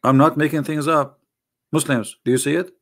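A native Arabic speaker from the Arab world delivers a sarcastic monologue as an online critic, speaking in Arabic-accented English directly to viewers. He mocks his subject and fires off rhetorical questions in a fairly high, slightly bright voice with fairly even intonation at a moderate pace.

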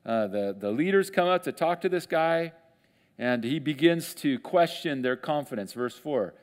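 A man's voice: mid-range voice, moderate pace. A man in church teaching from the Bible in a casual, conversational way, acting out quotes with changed voices. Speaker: pastor. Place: church sanctuary.

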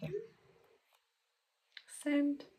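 A woman's voice: very slow, mellow. A young woman casually chatting to viewers while pranking her boyfriend, laughing often and making playful asides. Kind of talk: casual prank vlog chat.

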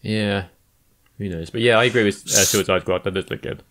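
A man's voice: lowish voice, steady tone, a little fast, a bit bright. A man co-hosting a casual gaming podcast chat, laughing often and agreeing. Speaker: podcast co-host.

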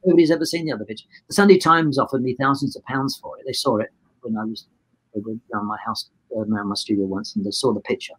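Speaking fast in a lowish, slightly rough voice with fairly even intonation, a photographer in his sixties spins a long, wandering podcast tale. He plays out the dialogue and restarts sentences, all on poor audio.

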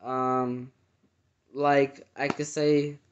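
A man earnestly recounting a dream in casual, halting speech full of fillers and restarts. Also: medium pitch, level tone, slight background noise. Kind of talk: casual personal storytelling. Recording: dull lo-fi sound.

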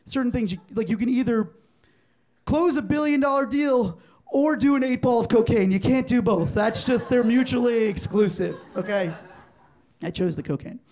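High-voiced male stand-up comic, animated. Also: normal speed. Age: 40s. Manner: animated storytelling, acting out quoted exchanges. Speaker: stand-up comedian. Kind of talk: stand-up comedy set. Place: comedy club stage before a live audience.

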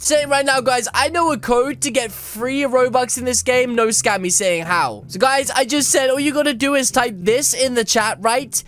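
Woman with a high voice, excitable gameplay commentary, dramatic, yelps and scolds. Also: a little fast, few pauses, soft background music. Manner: dramatic, scolds other players, yelps and shrieks. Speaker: gameplay video creator.

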